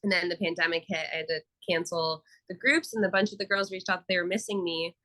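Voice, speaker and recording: A young adult woman, a therapist, talking casually as an interview guest and acting out quotes in animated stories. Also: on the low side, quick pace, rough recording. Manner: animated storytelling with acted quotes.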